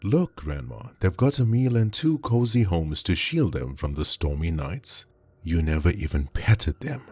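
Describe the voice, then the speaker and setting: A man's voice: sits low, sing-song, measured pace, darkish tone, slightly rough, dry recording, heavily acted. A man voicing a young female servant who talks back to her mistress in a pleading, reproachful way.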